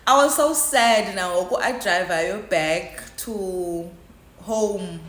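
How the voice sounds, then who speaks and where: A woman's voice: mid-range voice, very slow, fairly bright tone, slight background noise. Emotional South African woman in a roomy echo. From Eastern Cape, South Africa. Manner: emotional, mixes English with isiXhosa. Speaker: vlogger. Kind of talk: casual vlog commentary.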